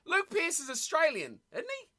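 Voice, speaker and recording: A streamer giving casual live commentary at a rugby watch party, chatting with viewers and shouting with excitement at big plays. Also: sits high, normal speed. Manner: chatty, talks straight to viewers in chat.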